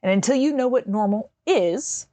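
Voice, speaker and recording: A woman's voice: a little high, expressive, moderate pace, dark tone, dry recording. A middle-aged woman, hosting a podcast and explaining a hands-on task in a rambling, casual way with many fillers. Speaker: podcast host. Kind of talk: casual instructional talk. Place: home.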